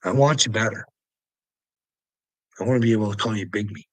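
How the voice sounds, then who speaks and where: A man's voice: lowish voice, fairly quick, a bit bright, dry recording, poor audio. A man rambling through a solo monologue, mocking and profane, breaking into laughter between nearly every phrase. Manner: profane and taunting. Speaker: vlogger.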